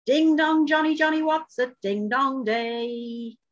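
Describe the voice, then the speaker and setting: A woman's voice: medium pitch, sing-song, normal speed, husky, lo-fi sound. A woman doing a hulking, indignant neighbour man. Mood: chanting. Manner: defensive and indignant, chanting at times. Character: huge, unkempt, erratic middle-aged man neighbour.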